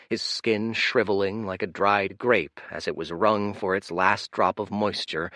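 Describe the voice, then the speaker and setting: A man reading an audiobook aloud in scripted narration, expressive and animated. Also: on the low side, dry recording, studio quality.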